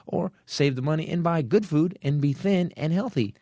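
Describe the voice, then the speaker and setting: A man's voice: normal speed, no room sound. A man hosting a comedy podcast, ranting angrily and swearing at the state of the country. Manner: angry, swearing rants with lively swings of pitch. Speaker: podcast host. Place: podcast studio.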